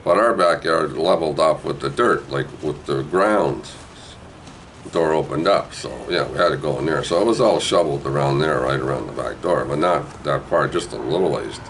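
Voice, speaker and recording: Rambling low-voiced older New man. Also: normal speed, a bit bright, slight background noise, poor audio. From New Brunswick, Canada. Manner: rambling, digressive, with frequent "eh" and "right". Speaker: storyteller. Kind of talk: casual spoken memoir.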